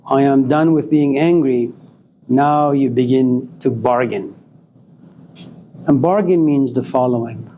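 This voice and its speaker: Taking his time and pausing often, a warm-toned male college lecturer gives a dramatic classroom lecture, acting out scenes and swinging his voice up in mock anger. A little hiss or hum can be heard.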